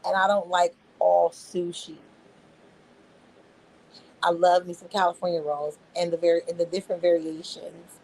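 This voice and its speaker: A woman's voice: fairly low pitch, level tone, moderate pace, vocal fry, pauses often, darkish tone, a little hiss or hum, rough recording. A young adult woman on a casual livestream, speaking in a laid-back, slangy way and talking back to her chat. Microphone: phone.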